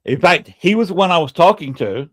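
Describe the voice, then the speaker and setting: A man hosting a podcast in casual chat, speaking in a relaxed, hesitant way as he reads out his upcoming guest list. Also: on the high side, brisk. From American South. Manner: relaxed, hesitant, many uh fillers. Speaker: podcast host.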